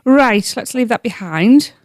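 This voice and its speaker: A woman's voice: fairly high pitch, animated, unhurried, no room sound. Female host, wry, moves chat along, dry close mic. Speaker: podcast host. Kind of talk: casual chat.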